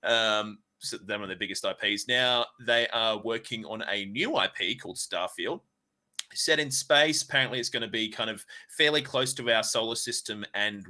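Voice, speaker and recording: Brief: male co-host, very bright tense voice, rambling, sweary, casual gaming chat. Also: fairly low pitch, moderate pace. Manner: rambling, swears freely, many fillers. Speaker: podcast co-host.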